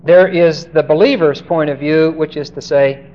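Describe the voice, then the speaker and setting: A man's voice: on the high side, fairly even intonation, normal speed, a little mellow. A man preaching an expository sermon on a Bible passage, emphatic, drawing out key words and putting direct questions to his listeners. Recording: dull lo-fi recording with faint hiss.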